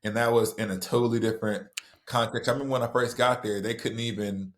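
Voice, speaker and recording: A middle-aged man from the American South with a Southern accent, an author guest telling a story in conversation, lively and full of restarts. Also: lowish voice. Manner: animated, quick storytelling with many restarts.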